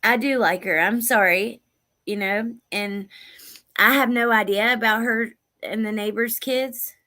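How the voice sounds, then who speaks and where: A woman's voice: on the high side, fairly even intonation, measured pace, pushed and bright. Chatty woman livestream host. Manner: chatty, greets viewers by name, repeats clip lines. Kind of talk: casual livestream commentary.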